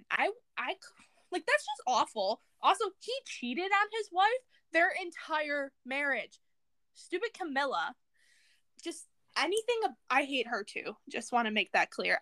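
A woman's voice: high voice, pushed and bright, dry recording. A young woman with a Southern US accent, co-hosting a podcast in blunt, gossipy casual chat. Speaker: podcast co-host.

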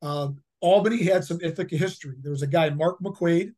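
A man's voice: on the high side, fairly quick, dark tone. A man in his fifties, a head football coach, telling stories in a casual interview, rambling with many fillers and repeated words. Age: 50s.

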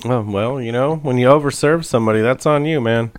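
Male co-host, clear resonant tone, dry close recording, crude deadpan banter. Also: mid-range voice, no room sound. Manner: dry, profane, quick jokes. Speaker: podcast co-host.

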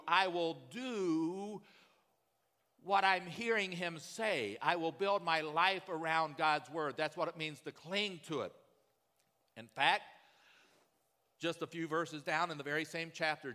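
Bright-voiced pastor preaching in a hall. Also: male voice, fairly high pitch. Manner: conversational storytelling, often asks "right?". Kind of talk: sermon.

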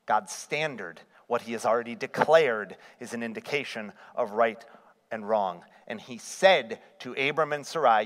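A man's voice: medium pitch, moderate pace, fairly bright tone. Preaching man in a reverberant hall. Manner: rhetorical questions to the congregation. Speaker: pastor. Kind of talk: sermon.

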